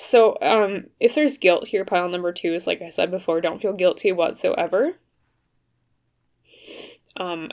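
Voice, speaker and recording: Low-voiced woman giving a tarot reading. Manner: hesitant and careful, many fillers and restarts. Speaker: tarot reader. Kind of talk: pick-a-card tarot reading to camera.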